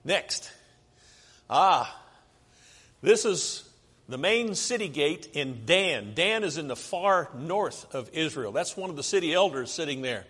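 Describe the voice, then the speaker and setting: American preacher in a reverberant hall. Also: male voice, fairly high pitch, expressive, slow pace, a bit bright, slightly rough. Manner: conversational, asks the audience questions. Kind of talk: sermon with slide tour.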